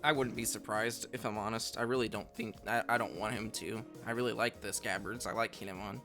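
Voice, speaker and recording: A man's voice: on the low side, fairly even intonation, fairly quick, pushed and bright, soft background music. A man co-hosting an anime podcast, talking in an easygoing, slightly hesitant way. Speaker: podcast co-host. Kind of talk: casual chat.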